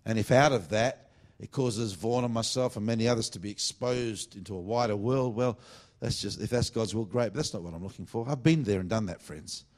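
A man preaching a revival sermon, swinging between loud fervent bursts and low confiding asides. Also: brisk, few pauses. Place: church meeting.

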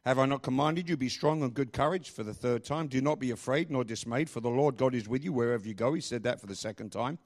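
A man's voice: medium pitch, fast, hardly any pauses. A male pastor preaching a sermon, emphatic and repeating phrases, with rambling asides.

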